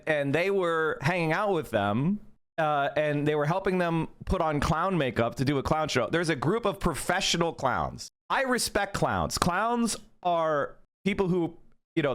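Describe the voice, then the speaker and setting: Fairly high in pitch with a fairly bright tone, a middle-aged livestream host vents at his chat in a heated rant. He's indignant, goes over the same points again and again, and curses often.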